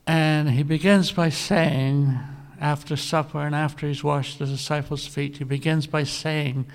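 A male preacher giving a sermon, telling a scripture story earnestly and often clearing his throat. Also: a little high, a little slow. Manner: earnest storytelling, animated when quoting scripture.

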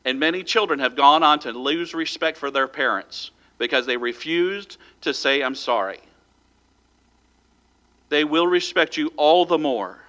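Male pastor, slightly high, bright voice; conversational sermon delivery. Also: moderate pace, hardly any pauses. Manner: plain conversational preaching with quoted asides.

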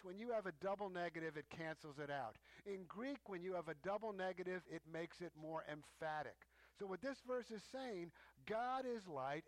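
A man preaching a sermon as a teaching, emphatic, stressing points with rising pitch. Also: no room sound.

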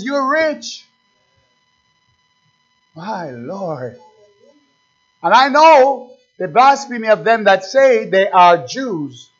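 A man's voice: high-pitched, dull audio. A man preaching a sermon as pastor, asking rhetorical questions and building in fervor.

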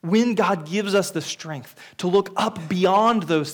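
A man preaching at a funeral, his voice sitting a little higher than most men's. He speaks earnestly, often stumbles and repeats words, and sometimes drops to a whisper on the phrases he wants to stress. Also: slow, few pauses. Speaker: pastor. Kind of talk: funeral sermon.

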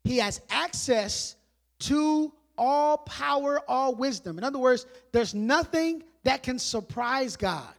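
A high-pitched man preaching to a church, talking like a conversation. He fires off rhetorical questions, then drops his voice low and soft to stress a point. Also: expressive, slow, vocal fry. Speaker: pastor. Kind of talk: sermon.

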